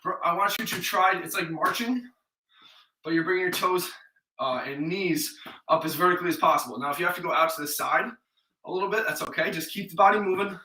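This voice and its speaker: A man's voice: sits high, brisk, bright, forceful tone, a little hiss or hum. A young man leading a live workout class, encouraging and counting reps while he exercises, out of breath. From New York or Vermont, US. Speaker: fitness instructor. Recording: roomy sound from a distant mic.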